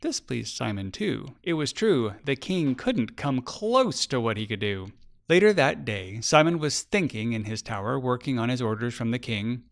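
A man's voice: mid-range voice, lively intonation, normal speed, gravelly. Man narrating a storybook. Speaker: author reading his book.

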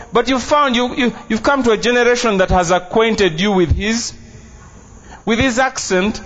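A man preaching a sermon as pastor in a church, emphatic and playful, dropping Luganda phrases into his English. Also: sits high. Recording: dull, muffled sound.

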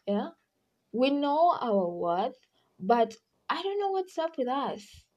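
A woman's voice: sits high, big pitch swings, slow pace, a little mellow, lo-fi sound. A woman hosting a podcast, talking in a casual advice monologue, chatty and acting out quoted voices. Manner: chatty, acts out quoted voices, laughs often. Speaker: podcast host.

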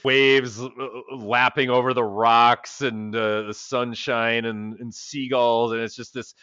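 A man's voice: mid-range voice, little pitch movement, unhurried, pushed and bright, clean tone, dry recording, muffled recording. A man co-hosting a podcast, ranting in a profane, casual way about a film. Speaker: podcast co-host. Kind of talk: casual chat.

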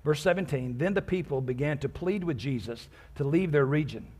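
A man preaching a sermon in a husky, slightly breathy voice. He reads scripture aloud verse by verse and explains it in an easygoing, conversational way. He throws in joking asides to his congregation. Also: on the high side, lively intonation, fairly quick, dark tone. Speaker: pastor.

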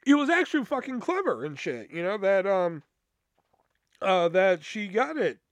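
A man's voice: high-pitched, big pitch swings, normal speed, no room sound. A young man hosting a podcast, telling a rambling, swear-filled story with lots of fillers. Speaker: podcast host. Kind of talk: casual comic storytelling.

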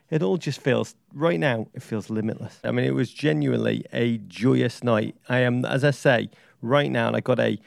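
A man with a gravelly, creaky edge to his voice, chatting as a podcast co-host. He tells stories in a rambling, excitable way. The sound is close and dry, with no room around it. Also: mid-range voice, no room sound. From England. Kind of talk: casual chat.

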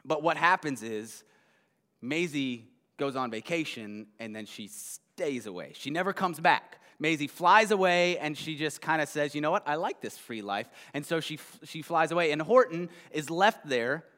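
A pastor delivers a relaxed, chatty sermon in a voice pitched a little above the usual male range. His words carry a long reverb tail, as if spoken in a large sanctuary. He keeps the congregation engaged with frequent quick asides. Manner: conversational, frequent "right?" checks, quick restarts. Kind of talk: casual sermon retelling a children's story.

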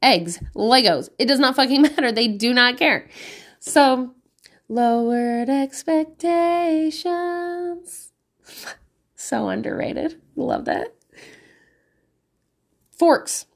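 Casting: woman, 30s, mom of five, slightly high voice, frank and foul-mouthed, laughs a lot. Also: lively intonation, very slow, long pauses. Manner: candid and profane, laughing often. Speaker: mother of five giving parenting advice. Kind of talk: casual monologue.

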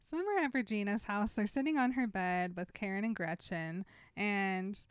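A woman's voice: medium pitch, moderate pace, clean tone, no echo, studio quality. A woman co-hosting a podcast, retelling a show's plot in a chatty way full of "like". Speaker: podcast co-host. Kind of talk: casual chat recapping a show.

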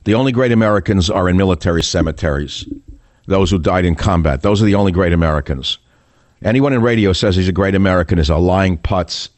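A man's voice: sits low, fast, dry recording. An older man hosting a political talk radio show, combative and sarcastic, firing off rhetorical questions.

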